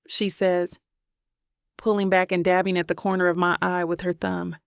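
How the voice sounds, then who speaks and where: A woman reading a first-person romance audiobook in a measured, even way. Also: lowish voice, vocal fry, smooth, dry recording, studio quality. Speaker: audiobook narrator.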